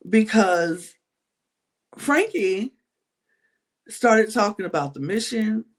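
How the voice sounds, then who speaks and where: A man co-hosting a podcast in a casual chat, retelling events with lots of "like" and "you know". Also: sits high. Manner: animated retelling, acting out other people's lines; frequent fillers like "like" and "you know". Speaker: podcast co-host recapping a reality show.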